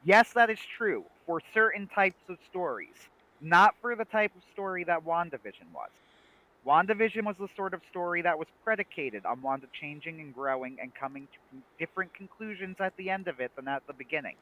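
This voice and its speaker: A young man with a bright, lively voice pitched a little high chats casually on a livestream. He talks in an animated way, laughs easily and often restarts his sentences mid-thought. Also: fairly quick, low-quality recording. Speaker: livestream co-host. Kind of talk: casual chat about a TV series.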